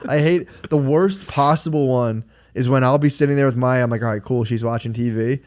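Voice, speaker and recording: A man's voice: medium pitch, a little fast. A man in his thirties co-hosting a casual podcast chat, profane and laughing, acting out little scenes with his family. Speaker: podcast co-host.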